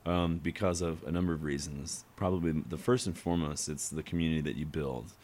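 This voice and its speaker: A man's voice: a bass voice, a little fast. A man on a casual beer podcast, telling restaurant stories and acting out customers. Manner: animated storyteller, acts out customers. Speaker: podcast guest. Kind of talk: casual chat over beers.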